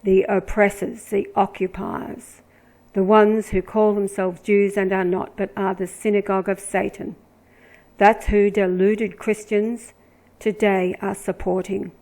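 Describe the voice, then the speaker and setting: A woman speaks in a mid-range voice, giving religious commentary as she reads verses aloud. Her pace is slow and measured. She stretches key words for emphasis. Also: medium pitch, flat delivery, darkish tone, poor audio. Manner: deliberate, emphatic, drawing out words when reading verses. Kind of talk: scripture-reading commentary.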